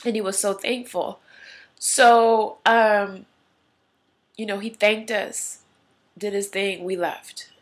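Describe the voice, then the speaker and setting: A young woman telling a story in a candid home vlog, emotional and teary, rambling with many fillers. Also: medium pitch. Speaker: vlogger. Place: at home in her room.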